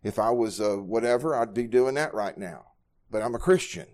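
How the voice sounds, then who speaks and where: A man, preaching a sermon at a Bible study, telling personal stories earnestly and moving from quiet, low passages to loud, raised ones. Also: animated, moderate pace. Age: 60s. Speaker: pastor.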